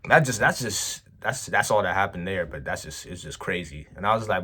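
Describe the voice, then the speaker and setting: A man with a fairly low voice tells a personal story straight to camera. He talks casually and emphatically, drops slang like "bro", and swings his pitch up and down for effect. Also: lively intonation, a little fast, pushed and bright, slight background noise. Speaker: vlogger, business owner.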